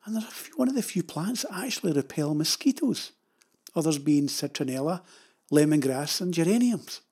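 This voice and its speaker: Husky older Scottish man, chatty storyteller. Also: on the high side, animated, normal speed, darkish tone. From Scotland. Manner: chatty, digressive, wry. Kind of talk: rambling anecdotal narration.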